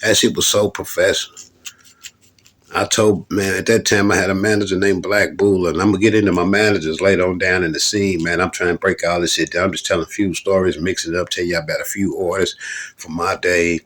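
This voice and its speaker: Husky deep-voiced storyteller man. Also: fairly even intonation, fairly quick, a bit bright. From Louisville, Kentucky. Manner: loose, rambling, profane, keeps calling the listener "man". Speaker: rapper telling his stories. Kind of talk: casual profane storytelling monologue.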